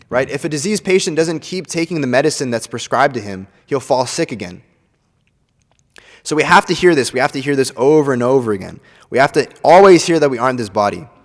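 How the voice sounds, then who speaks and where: A young man giving an earnest scripture class. He often ends his points with "right?" and acts out other people's words with sudden jumps in pitch. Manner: acts out quoted voices with big pitch swings. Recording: long reverb from a large hall.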